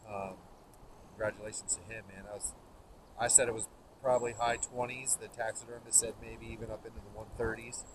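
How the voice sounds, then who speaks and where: A man's voice: lowish voice, a little fast. Man telling hunting stories outdoors. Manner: folksy, rambling, laughs at his own stories. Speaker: host. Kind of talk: casual storytelling by a campfire. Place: outdoors by an open fire. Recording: outdoor recording with steady background noise.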